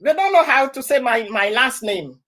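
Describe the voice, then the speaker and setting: A woman's voice: sits high, animated, normal speed, fairly bright tone. A woman from Ivory Coast hosting a casual live stream, often laughing and greeting viewers by name. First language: an Ivorian language.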